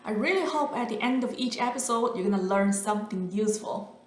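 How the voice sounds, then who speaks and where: Woman teaching mandarin, slow careful demo voice, kinda echoey room. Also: medium pitch. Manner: slow, careful, drawn-out demonstration of sounds. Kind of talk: online language lesson.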